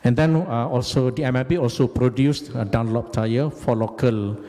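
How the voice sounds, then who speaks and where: A middle-aged man lectures with a deliberate, halting delivery full of hesitations. His voice is mellow and low-key. It rings out with a long reverb, as if in a large lecture hall. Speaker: guest lecturer, company managing director. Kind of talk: lecture recounting career.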